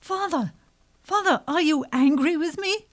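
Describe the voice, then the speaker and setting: A woman's voice: sits high, unhurried, pitched above the performer's own voice. A woman voicing a second young princess who nervously pleads with her father. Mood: pleading.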